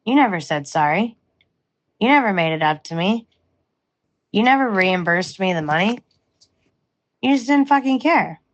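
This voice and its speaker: A woman's voice: medium pitch, animated, moderate pace, long pauses. A young woman speaking straight to an ex in a candid monologue, blunt and emotional, swearing freely. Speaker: vlogger.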